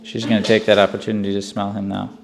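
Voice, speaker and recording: A man working as a dog trainer, explaining a dog's behavior in a calm, steady way and softly praising her. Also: fairly low pitch, fast, gravelly, roomy sound.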